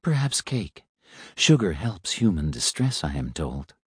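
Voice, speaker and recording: A gentle, sorrowful old robot, as a man reads him aloud speaks softly and slowly in a deep voice. His quiet words come dry and close, with lifting, shifting pitch. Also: big pitch swings, breathy edge, dry recording, heavily acted. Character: old gentle male robot, soft-spoken, sad.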